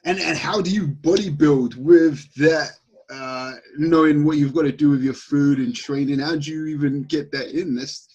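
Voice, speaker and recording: Husky, upbeat male podcast host. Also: on the high side, steady tone, moderate pace, darkish tone, dull audio. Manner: chatty, upbeat, asks questions. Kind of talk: casual podcast hosting.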